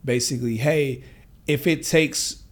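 A man's voice: mid-range voice, fairly even intonation, a little slow. A man hosting a casual interview, enthusiastic and rambling, full of "like" as he builds his questions. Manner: enthusiastic, rambling, many "like" fillers. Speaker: podcast host, interviewer.

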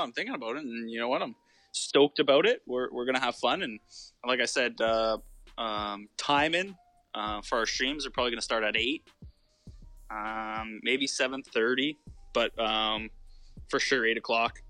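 A man's voice: medium pitch, moderate pace, bright, forceful tone, no echo, faint music behind. A man co-hosting a podcast in casual chat, teasing his partner, laughing easily and swearing casually. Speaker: podcast co-host.

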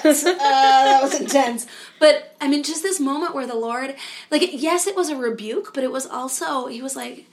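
A woman missionary being interviewed, telling stories in an animated way with lots of "like" and acted-out dialogue. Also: high-pitched, moderate pace. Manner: animated storyteller, many "like"s, acts out dialogue. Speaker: missionary guest. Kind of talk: conversational interview.

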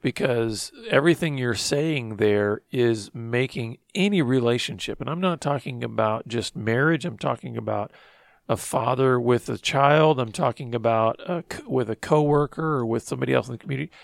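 A man's voice: mid-range voice, moderate pace, vocal fry, no room sound, clean studio sound. A man co-hosting a conversation, reflecting aloud and summarizing what he hears, often murmuring agreement. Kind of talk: conversational talk show.

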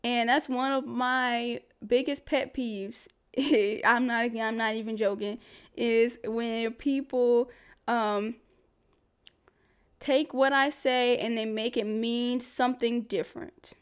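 Chatty woman podcaster, smooth voice. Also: a little high, steady tone, slow pace. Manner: chatty and candid, with frequent fillers and laughs. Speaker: podcast host. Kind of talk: casual solo podcast advice talk.

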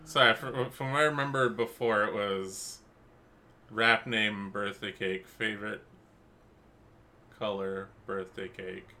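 A man in his thirties co-hosting a podcast, teasing and quick to laugh. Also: lowish voice, fairly even intonation, pushed and bright. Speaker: podcast co-host. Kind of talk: casual chat.

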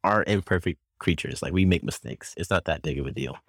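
A young man hosting a podcast, speaking in a relaxed, easygoing way and saying "like" often. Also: low-pitched, brisk, gravelly, husky, no echo, clean studio sound. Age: young adult. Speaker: podcast host. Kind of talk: casual chat.

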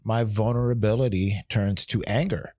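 A man in his thirties hosting a podcast, talking through a personal reflection in a candid, halting way, often restarting and repeating words. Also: on the low side, steady tone, dark tone, no room sound, studio quality. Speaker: podcast host.

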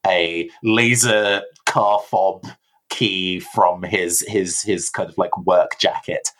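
A man's voice: low voice, steady tone, slow pace, fairly bright tone. A man running a tabletop role-playing game, narrating scenes in a rambling, improvised way. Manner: rambling, filler-heavy, frequent restarts. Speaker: game master.

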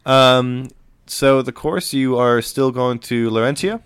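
Laid-back man as game master, clear resonant voice, dry close sound. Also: medium pitch, slow, dry recording. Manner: relaxed, lots of uh and um fillers. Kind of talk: narrating a tabletop game.

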